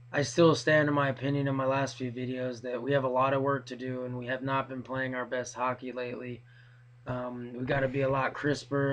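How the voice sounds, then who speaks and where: Hoarse man in a flat voice. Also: mid-range voice, muffled recording. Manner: rambling and hesitant. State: hoarse from yelling. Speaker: hockey fan vlogger. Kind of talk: casual video blog.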